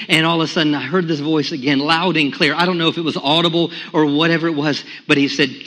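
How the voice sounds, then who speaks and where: A pastor giving a sermon with a personal testimony, going from quiet, hushed telling to loud, high-pitched praise. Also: male voice, fairly even intonation, a little fast. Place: church sanctuary. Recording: echoey church sanctuary.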